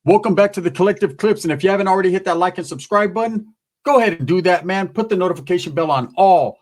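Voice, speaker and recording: Male storyteller host with a high voice, casual slang, animated, acts out the people in his story. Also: quick pace.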